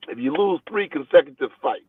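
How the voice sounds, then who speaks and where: A boxing trainer telling stories in a phone interview, talking in an animated, rambling way and repeating his words. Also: on the high side, a little fast, husky, no room sound. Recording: tinny phone line, dry.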